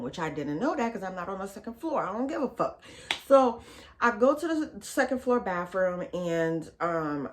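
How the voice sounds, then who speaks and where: A woman vlogger telling a storytime in a casual, blunt and profane, chatty way. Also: fairly low pitch.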